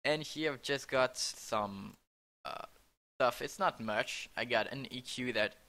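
Bright-voiced man talking through his music project. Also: mid-range voice. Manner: halting, self-correcting, laughs at own slips. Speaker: music producer explaining his track. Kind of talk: casual screen-recorded tutorial.

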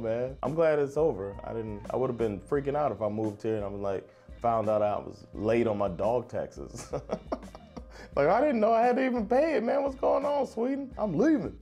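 An American man hosting a casual reaction video, talking in lively, rambling asides and laughing often. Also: lowish voice. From United States.

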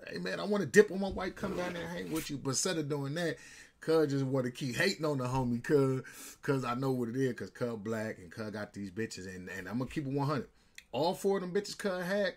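Husky man telling a street story. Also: mid-range voice. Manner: rambling, slangy street talk. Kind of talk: casual storytelling.

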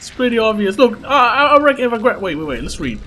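A gamer playing a horror-heavy action game comments casually and jumpily, exclaiming and yelping at the scares. His high, sing-song voice moves fast, with a little hiss or hum, while loud game music plays behind him.

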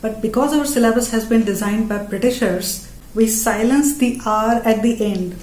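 A woman's voice: on the high side, normal speed, a little mellow, roomy sound. A woman with an Indian accent performing a playful stand-up comedy monologue as host of her channel, slipping between languages mid-sentence.

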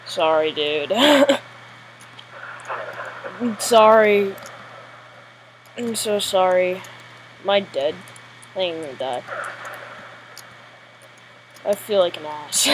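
A woman commentating her own gameplay live, excitable and jittery, often giggling. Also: fairly low pitch, extremely slow, pauses often, a little hiss or hum, low-quality recording. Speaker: gamer.

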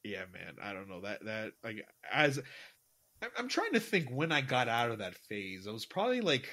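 A man in his twenties co-hosts a podcast, rambling through casual chat full of fillers and restarts. His mid-range voice has a sharp tone and huge swings in pitch, at a moderate pace.

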